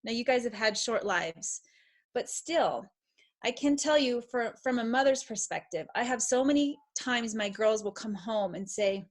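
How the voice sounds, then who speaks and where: A middle-aged woman with a somewhat high voice speaks as a confidence coach. She is enthusiastic and emphatic. She answers questions on a video call in an encouraging way. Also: animated, moderate pace.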